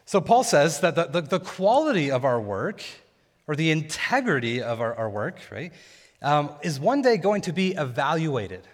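A young man preaching a sermon in a relaxed, conversational way. his voice sits a bit high for a man, and a long reverb trails after it, as if he is in a big church sanctuary. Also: normal speed. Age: young adult. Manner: casual, conversational teaching. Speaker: pastor.

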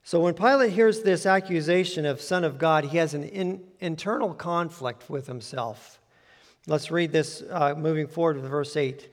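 A man's voice: on the high side, moderate pace. A man preaching a sermon, reading scripture aloud and then explaining it in a conversational way. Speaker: pastor. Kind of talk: expository sermon. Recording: long hall reverb.

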